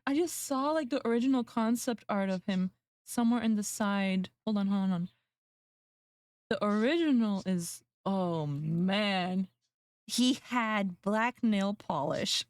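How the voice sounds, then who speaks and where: A woman's voice: mid-range voice, measured pace, darkish tone, clear, resonant tone, dry recording. Giggly streamer woman, dry close sound. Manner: giggly, laughing often, self-mocking. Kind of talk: casual livestream chat.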